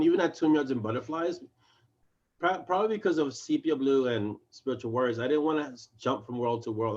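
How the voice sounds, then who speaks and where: A man, a fantasy author, chatting in an interview over a video call, lively and acting out his characters' lines. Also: on the high side, muffled recording. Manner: animated, acts out his characters' lines in quick voices. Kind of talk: casual video chat interview.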